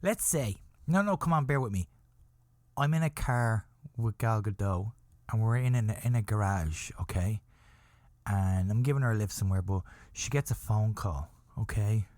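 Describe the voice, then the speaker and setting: A man's voice: on the low side, a little mellow, no room sound. A man hosting a podcast, telling a comedic story in a rambling, repetitive way and checking in with his listener again and again. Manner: rambling, keeps checking in with "okay?"; repetitive restarts, builds up slowly. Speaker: podcast host.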